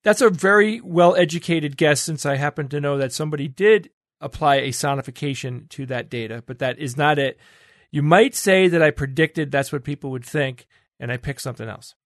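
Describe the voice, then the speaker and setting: A man's voice: fairly high pitch, brisk, dry recording. Playful man hosting a segment, dry sound. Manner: playful, laughs often. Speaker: podcast segment host. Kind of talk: casual panel chat.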